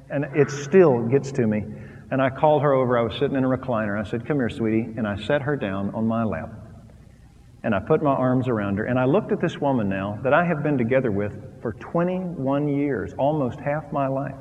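A middle-aged male pastor preaching a sermon, swinging from loud emphatic lines to quiet, hushed storytelling. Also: mid-range voice, moderate pace, dull audio, a little hiss or hum. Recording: long reverb of a large hall.

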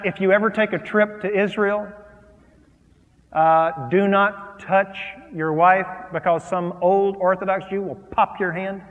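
Animated preaching man in an echoing hall. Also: high voice, muffled recording. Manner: animated, jokey preaching with dramatic pauses. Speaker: pastor. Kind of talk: sermon. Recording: long hall reverb.

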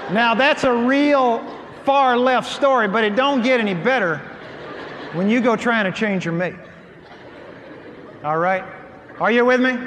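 A middle-aged man preaching a humorous sermon, acting out his stories in an animated, folksy way. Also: extremely high pitch, unhurried, long pauses, slight background noise. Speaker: pastor. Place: large hall with audience. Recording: hall reverb with faint ambience.

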